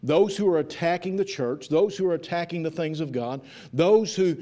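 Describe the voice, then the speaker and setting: A man's voice: on the high side, moderate pace, dark tone. A man preaching a sermon in church in a fervent, repetitive way, restarting his phrases as he goes. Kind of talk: evening sermon. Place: church with a congregation answering.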